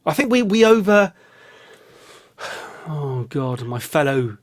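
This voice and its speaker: A man's voice: on the high side, sing-song, takes it slowly. A man from England with a London accent, rambling through a self-mocking comic monologue with big swings of voice, recorded in a small hot studio. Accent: English, London. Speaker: vlogger.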